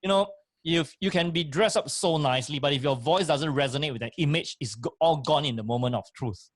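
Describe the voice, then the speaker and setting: A man's voice: a little high, a little fast, no echo, studio quality. Emphatic man giving advice. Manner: emphatic, instructive, repeats key points. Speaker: co-host and motivational speaker. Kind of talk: casual chat, giving advice.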